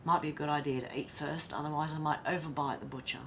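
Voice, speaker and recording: A woman's voice: deep voice, fairly even intonation, quick pace, a bit bright, slight background noise. An Australian woman hosting a casual livestream, reading viewers' comments aloud and chatting back to them. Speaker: livestream host reading chat.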